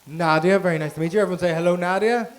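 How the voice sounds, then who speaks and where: A man's voice: sits high, fairly even intonation, very fast. A man hosting a comedy night, doing teasing crowd work with swearing and laughter. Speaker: comedy show host. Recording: noisy live room mic.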